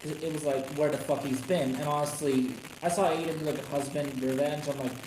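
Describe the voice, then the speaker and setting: Profane, excitable man ranting in an echoey room. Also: a little high, brisk. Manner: profane, rambling, excitable outbursts. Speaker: wrestling commentary streamer. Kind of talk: casual live stream rant. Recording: echoey room with noisy background.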